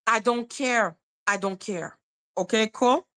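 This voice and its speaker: Woman host, casual stream commentary; sharp forceful tone, fairly high voice, blunt and condescending. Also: slow pace. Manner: swears freely, repeats herself.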